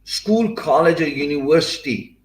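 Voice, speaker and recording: A man's voice: fairly high pitch, lively intonation, moderate pace, echoey room. A man from Pakistan with a Pakistani English accent, giving an earnest motivational talk about freelancing, with many fillers and restarts.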